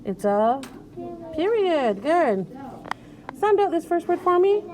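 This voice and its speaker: A woman's voice: extremely high pitch, expressive, moderate pace, crowd noise. A woman teacher leading young children through a reading lesson, patient and coaxing, sounding out letters one at a time.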